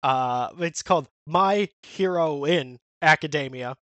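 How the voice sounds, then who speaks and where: Higher-voiced man chatting casually, dry sound. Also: a bit bright, no echo, lo-fi sound. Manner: rambling, many fillers and restarts, quick quoted character lines. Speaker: podcast co-host. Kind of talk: casual chat recapping a manga.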